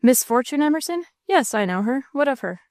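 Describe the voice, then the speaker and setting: A woman's voice: high-pitched, big pitch swings, a little fast, a little mellow, no room sound, studio quality, pitched above the performer's own voice. A woman reading the part of a big red-faced country innkeeper who speaks in a folksy rural dialect. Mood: blunt.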